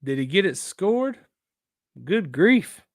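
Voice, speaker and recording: A man hosting a casual outdoors live stream, rambling and excitable as he reacts to viewer photos. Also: high voice, takes it slowly, dry recording, studio quality. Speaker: outdoors show host.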